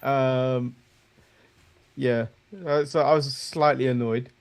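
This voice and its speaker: A man's voice: mid-range voice, fairly even intonation, takes it slowly, clean tone. A man co-hosting a casual wrestling review chat, rambling and joking, chuckling at his own remarks. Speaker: co-host.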